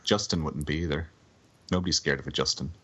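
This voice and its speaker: A man's voice: rumbling low, steady tone, fast, a bit bright, breathy edge. A man co-hosting a podcast over a remote call, chatting about films with a dry, joking manner. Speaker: podcast co-host. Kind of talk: casual film discussion. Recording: muffled call audio.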